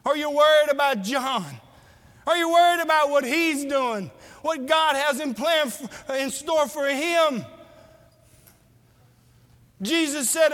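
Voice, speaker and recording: High, bright-voiced man preaching in a hall. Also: a little slow, long pauses. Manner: earnest, questioning the listeners, plain-spoken. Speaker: pastor. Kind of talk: sermon. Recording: long reverb of a hall.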